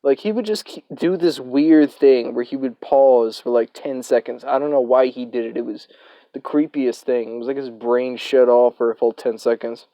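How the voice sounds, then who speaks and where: Young male storyteller, casual and filler-heavy, mellow and dry. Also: mid-range voice, normal speed, no echo. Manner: rambling, profane, filler-heavy.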